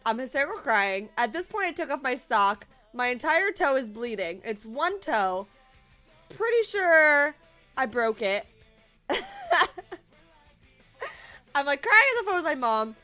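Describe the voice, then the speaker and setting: A young woman in her twenties telling a story to camera in a casual vlog, animated and swearing, often breaking into laughter. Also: sits high, a little slow, pauses often, faint music behind. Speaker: vlogger.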